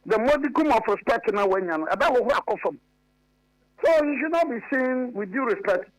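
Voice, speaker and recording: A man with a strikingly high voice debates politics on a radio talk show. He is emphatic and insistent, restating the same point again and again until it lands. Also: animated, moderate pace, rough recording. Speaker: political commentator.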